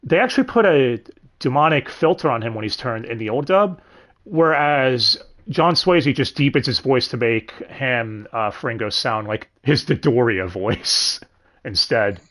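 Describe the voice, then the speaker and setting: A young man hosting a casual livestream, his pitch bouncing up and down as he talks. He rambles, trips over his words, swears freely and corrects himself mid-sentence. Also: expressive, measured pace, fairly bright tone. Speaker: stream host.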